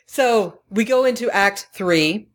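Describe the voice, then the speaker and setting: A woman's voice: medium pitch, slow pace. A woman co-hosting a casual gaming podcast, chatty and laughing often, with lots of fillers. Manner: giggly, chatty, hesitant fillers. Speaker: podcast co-host.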